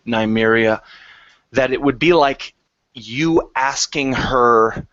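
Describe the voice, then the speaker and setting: A man narrating as game master of a tabletop game, describing scenes in a halting way with fillers. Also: medium pitch, a bit bright, dry recording. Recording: dry, dull lo-fi sound.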